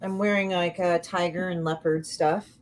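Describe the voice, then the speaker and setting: A woman's voice: lowish voice, fairly even intonation, moderate pace, a crowd in the background. A woman on a livestream chat making crude, playful jokes. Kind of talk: casual group chat on a livestream.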